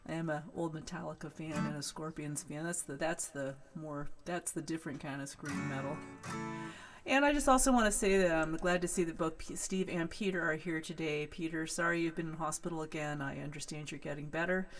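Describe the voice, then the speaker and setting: A woman with a West Coast American accent, a folk singer hosting her live stream and chatting excitedly with viewers between songs. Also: sits low, brisk, music in the background. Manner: chatty, excitable, greets viewers warmly by name. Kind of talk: casual chat between songs.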